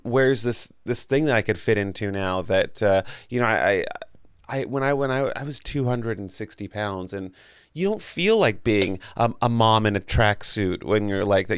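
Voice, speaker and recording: A man's voice: on the low side, clear, resonant tone, no room sound. A man chatting as a guest in an interview, rambling with many restarts and casual swearing. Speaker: guest, comedian and voice actor.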